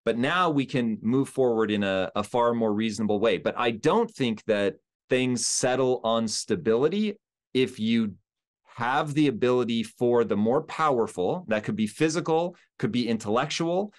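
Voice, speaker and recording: This is an earnest man hosting a conversational interview, with a mid-range voice. He reasons out loud and often restarts his sentences as the thought comes together. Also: medium pitch, normal speed. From United States. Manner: earnest, thinks aloud with restarts. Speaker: interview host.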